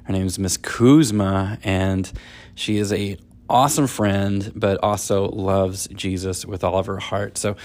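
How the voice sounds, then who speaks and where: A man's voice: low voice, fairly even intonation, a little slow, a little mellow. A man hosting a daily devotional video, introducing a guest earnestly and reading scripture.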